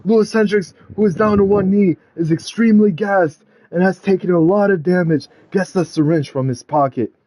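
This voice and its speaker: A man narrating a wrestling video game storyline in a dramatic play-by-play style, building to loud climaxes. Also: sits high, normal speed, few pauses, no echo.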